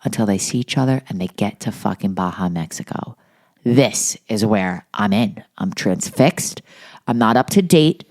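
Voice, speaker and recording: A middle-aged woman with a strikingly low voice that swings widely in pitch as she tells her stories. She chats casually on a podcast, gossipy and quick to swear. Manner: gossipy, profane, animated storytelling. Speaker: podcast co-host. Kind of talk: casual chat.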